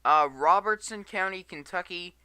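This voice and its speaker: A man's voice: high-pitched, moderate pace, pushed and bright, clear, resonant tone, dry recording. A tired man giving live weather radar commentary, reading storm warnings aloud and stumbling over place names. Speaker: storm chaser livestreamer.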